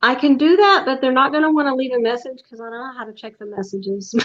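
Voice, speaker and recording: With a high-pitched voice and a fairly quick pace, the owner of a metaphysical shop chats as a guest in a casual interview over a video call. She laughs easily and explains things patiently, all through dull lo-fi call audio.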